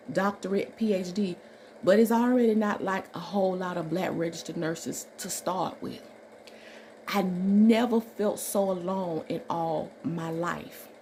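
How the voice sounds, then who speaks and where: Nurse storyteller from Alabama: warm, animated woman who acts out every exchange, with a faint hiss behind. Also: medium pitch. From Alabama, USA. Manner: animated, emphatic, acts out dialogue. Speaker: registered nurse telling a story. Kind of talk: storytime vlog.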